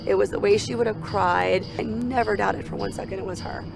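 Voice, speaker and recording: A woman's voice: mid-range voice, steady tone, a little fast, creaky, music in the background. A woman being interviewed, a mother giving a shaken, vivid account. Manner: shaken, vivid retelling with acted quotes. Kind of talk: recounting a phone call in an interview.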